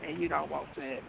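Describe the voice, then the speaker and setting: A woman's voice: lowish voice, creaky. A woman co-hosting a radio show in casual chat, laid-back with murmured agreement. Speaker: radio co-host. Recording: phone-like narrow band.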